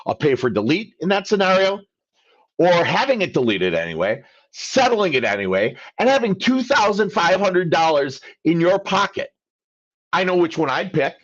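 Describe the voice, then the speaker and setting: Animated man explaining with lively pitch. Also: moderate pace, dry recording, muffled recording. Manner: emphatic, acts out both sides of phone calls. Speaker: credit coach hosting a live Q&A. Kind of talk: livestream Q&A talk.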